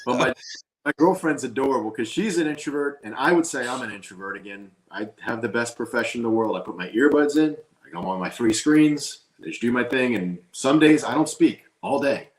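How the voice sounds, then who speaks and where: An earnest man talks through an interview as the guest actor, rambling and self-deprecating as he restarts his thoughts. His voice sits at a middle pitch. The room gives it a noticeable echo. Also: expressive, a little fast. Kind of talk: casual interview chat. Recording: roomy echo.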